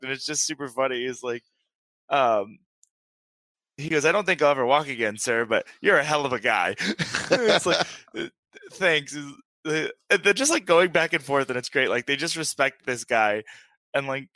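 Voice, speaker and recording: A man co-hosts a casual podcast, telling a long recap full of fillers and bursts of laughter. His voice is bright and forward, at a middling pitch. The sound is dry and close. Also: no room sound. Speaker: podcast co-host. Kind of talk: casual chat.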